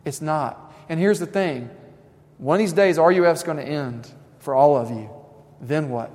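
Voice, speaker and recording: Impassioned preacher in a reverberant hall. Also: male voice, sits high. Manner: impassioned, swings from loud to soft. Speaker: campus minister. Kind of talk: sermon.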